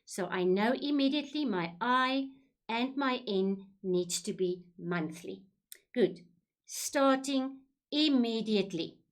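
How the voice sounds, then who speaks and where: A woman teaching a school maths lesson, patiently repeating key points and walking through each step slowly. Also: fairly high pitch, expressive. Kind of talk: recorded classroom lesson.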